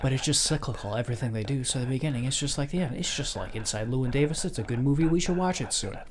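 A man's voice: mid-range voice, rapid-fire, slight background noise. Casual man rambling about a film. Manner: rambling, retells scenes with quoted lines. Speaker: podcast co-host.

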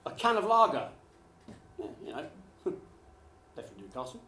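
A man doing a live stand-up routine, chatty and quick with apologetic asides to the crowd. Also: high voice, big pitch swings, pushed and bright. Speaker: stand-up comedian. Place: small theatre studio with a live audience. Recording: echoey live room, faint ambience.

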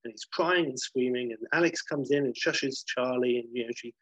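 Guy reading out his film pitch, rambly, swears a bit, husky voice, mid pitch. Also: moderate pace, fairly bright tone, no room sound, low-quality recording. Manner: rambling, self-correcting, swears casually. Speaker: podcast host pitching a film idea. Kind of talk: casual storytelling, reading a script aloud.

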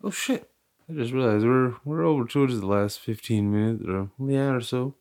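A man's voice: mid-range voice, normal speed, a little mellow. A young man hosting a casual podcast chat, rambling, laughing often and swearing freely. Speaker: podcast host.

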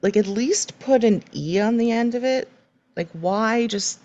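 A woman's voice: a little high, unhurried, a little mellow, dull audio. A woman co-hosting a podcast, chatting casually with strong opinions and easy laughter. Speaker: podcast co-host. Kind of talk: casual chat.

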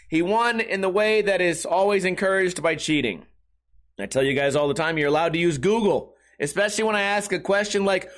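A man's voice: high voice, moderate pace, fairly bright tone. A man hosting a podcast, talking casually with sarcasm and lots of swearing, often slipping into mocking voices. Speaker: podcast host. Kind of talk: casual comedic podcast monologue.

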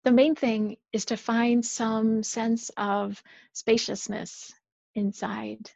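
A woman minister delivers a sermon in a measured, earnest way, her fairly high voice dropping softer on key phrases. The sound is dry and close with no room echo, though a little muffled. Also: level tone, creaky.

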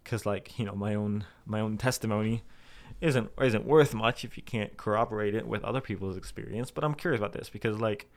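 A young male vlogger delivers a candid personal monologue to camera, slightly fast and with vocal fry. He rambles, pokes fun at himself, restarts often and swears a bit, suddenly jumping to a high pitch to voice his anxious inner thoughts.

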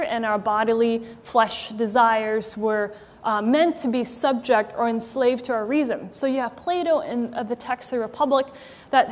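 A woman's voice: fairly high pitch, darkish tone. Chatty woman preaching in a reverberant hall. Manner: chatty and wry, frequent ums and likes. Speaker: preacher, church executive director. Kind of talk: casual conversational sermon. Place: church meeting hall with live audience.

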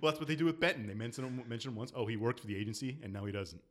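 A man's voice: mid-range voice, lively intonation, very fast, a bit bright. A man co-hosting a casual podcast, giving dry, matter-of-fact answers and laughing along. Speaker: podcast co-host. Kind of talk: casual chat.

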